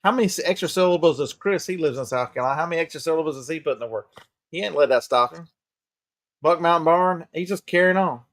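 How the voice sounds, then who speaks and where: Southern guy co-hosting a live stream, folksy and pushy, slightly high voice, dry room. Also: fast talker, fairly bright tone, no echo. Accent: Southern American. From American South. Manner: folksy, emphatic, repeats himself. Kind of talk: casual live-stream chat.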